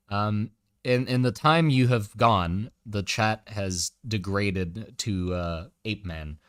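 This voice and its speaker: Lowish and recorded at studio quality with no echo, this German-born streamer in his twenties talks with an American accent. He trades casual, joking, teasing banter with his stream chat.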